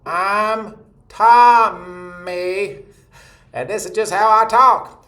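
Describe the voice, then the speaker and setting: A man voicing a plainspoken Southern country man with a Southern US accent and a bright, drawling twang. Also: high voice, extremely slow, pitched above the performer's own voice, full character voice. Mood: easygoing.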